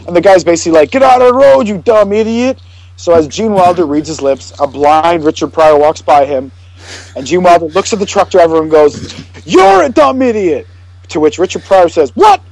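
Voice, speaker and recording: This is a man with a high voice chatting on a podcast. He tells comedy film scenes in an animated way and puts on voices for the quoted lines. It is a loose, casual conversation. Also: poor audio. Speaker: podcast co-host. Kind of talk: casual chat.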